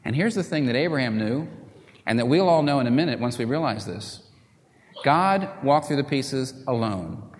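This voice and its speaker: Male preacher, dramatic sermon delivery, very animated pitch, long hall reverb, loud appeals and hushed drops. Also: normal speed, a little hiss or hum.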